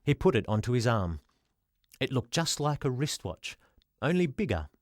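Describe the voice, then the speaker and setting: A man reading a children's storybook aloud as the narrator, in an expressive way. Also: medium pitch, moderate pace, no echo, studio quality. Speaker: audiobook reader.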